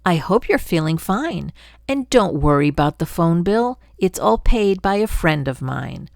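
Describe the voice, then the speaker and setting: A woman's voice: on the low side, big pitch swings, unhurried, creaky, a little mellow, dry recording, studio quality, exaggerated voice. An older woman voicing a chatty, pushy male glunk creature in a storybook read-aloud, sweet-talking and jabbering on.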